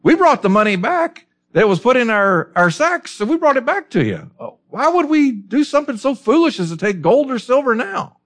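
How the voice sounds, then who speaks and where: A preacher voicing Joseph's brothers as anxious men who protest their innocence in a high, insistent tone. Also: male voice, sing-song, normal speed, few pauses, fairly bright tone, heavily acted. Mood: defensive.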